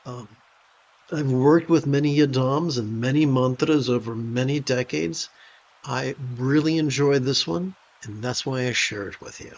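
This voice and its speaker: A calm man giving a meditation talk on a livestream, with a gravelly edge to his voice. He speaks thoughtfully and stops at times to rephrase. The sound is dull and lo-fi. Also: medium pitch, a little slow. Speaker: meditation teacher.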